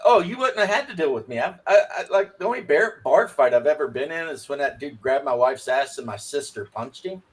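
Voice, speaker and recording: A man's voice: a little high, lively intonation, fairly quick, hardly any pauses, breathy edge. A man co-hosting a livestream in casual chat, telling rambling stories with stammered restarts. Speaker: livestream co-host.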